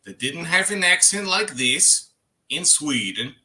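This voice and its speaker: Man doing a jokey fake-Swede, high, drawn-out, bright and pushy tone. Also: big pitch swings, heavily acted. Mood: mocking. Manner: high, stretched vowels, exaggerated lilt. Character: mock Swedish man, sing-song and drawn out.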